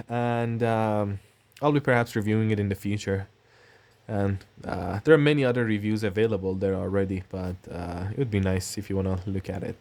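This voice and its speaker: Guy rambling through an unboxing, lowish voice, lots of ums, coughs a bit. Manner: chatty, rambling, thinking aloud with fillers. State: coughing now and then. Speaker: tech channel host. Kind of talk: casual unboxing narration.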